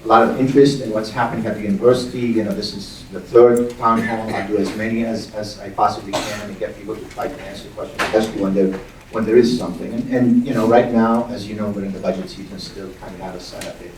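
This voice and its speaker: A middle-aged man, a university's acting president, speaking at a town hall in a halting way and repeating words as he thinks aloud. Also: on the low side, steady tone, a little mellow, a little hiss or hum. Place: large hall with audience. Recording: echoey hall, distant mic.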